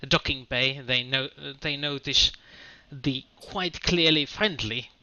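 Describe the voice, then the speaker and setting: Bright-voiced man running a space game. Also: mid-range voice, measured pace, no room sound, dull audio. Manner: jokey, self-correcting narration with fillers. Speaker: game master. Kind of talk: narrating a tabletop game. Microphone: home mic on an online call.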